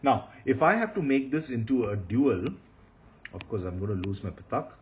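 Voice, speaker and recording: A man teaching Hebrew grammar in a recorded lecture, patient, repeating key points and often pausing with fillers. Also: medium pitch, lively intonation, lo-fi sound, a little hiss or hum.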